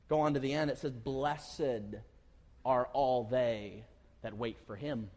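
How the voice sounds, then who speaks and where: Man, pastor, mid-pitched, chatty storytelling sermon with laughs, long hall reverb. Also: slow pace, a little mellow. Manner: conversational, storytelling, laughs often. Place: church hall.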